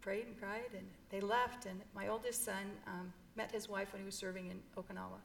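A woman's voice: mid-range voice, little pitch movement, brisk, gravelly, a little hiss or hum. A middle-aged woman telling an emotional personal story in an interview, earnest and heartfelt. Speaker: guest.

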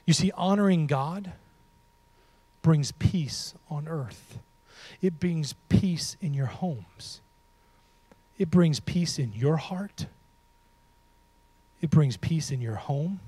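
A man preaching with a mellow, fairly high voice, lively and humorous. He swings between loud lines and near-whispered emphasis, and he talks straight to the congregation. The sound is dry and close. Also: slow, breathy edge, dry recording. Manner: humorous, talks to the audience directly. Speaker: pastor. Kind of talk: sermon.

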